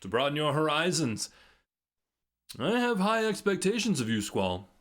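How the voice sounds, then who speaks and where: A man's voice: on the high side, very animated, normal speed, a bit bright, pitched above the performer's own voice. A man voicing an older male academy headmaster, speaking in a vaguely New England, Churchill-like oratorical manner. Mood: earnest, commanding.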